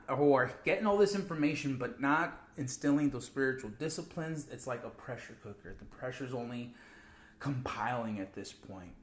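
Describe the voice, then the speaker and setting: A man co-hosts a spiritual livestream, relaxed but preachy, with casual slang. He speaks at a middle pitch in an echoey room.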